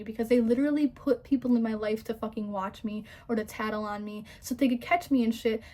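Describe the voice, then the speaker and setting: A woman's voice: on the high side, dark tone. A young woman in an emotional personal monologue, raw and profane, stumbling over restarts and close to tears.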